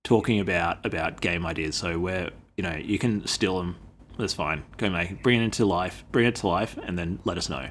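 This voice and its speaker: An Australian man co-hosting a podcast, playful and quick to laugh, swearing casually. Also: deep voice, a bit bright, a little hiss or hum. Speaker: podcast co-host. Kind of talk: casual chat.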